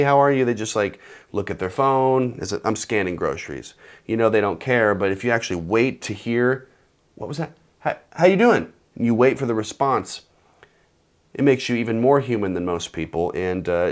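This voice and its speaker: A man in his thirties giving comedic advice, animated and sarcastic, acting out bits of phone calls. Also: lowish voice. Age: 30s. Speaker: host.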